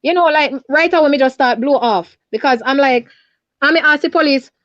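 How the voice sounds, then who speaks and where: A woman's voice: high-pitched, fairly quick, no room sound. A Jamaican woman calling in by phone, recounting events in an urgent, repetitive way. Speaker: caller. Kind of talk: distressed phone interview. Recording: dull lo-fi phone line.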